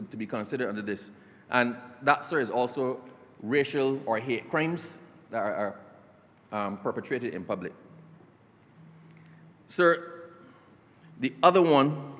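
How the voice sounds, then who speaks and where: A man, a government minister giving a formal parliamentary speech and often addressing the chair as sir. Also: medium pitch. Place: parliament chamber. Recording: long reverb of a debating chamber.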